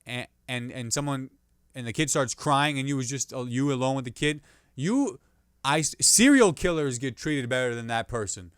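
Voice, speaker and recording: A man hosting a comedy podcast, riffing on the news in a rambling, animated way and restarting jokes mid-sentence. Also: mid-range voice, moderate pace, clean tone, dry recording, studio quality.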